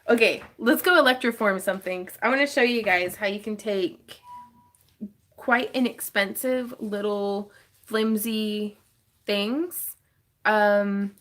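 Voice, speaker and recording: A woman's voice: on the high side, vocal fry, a bit bright. Chatty woman hosting a craft livestream. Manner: chatty, laughs often, reads chat comments aloud. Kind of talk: casual livestream chat. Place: home craft room.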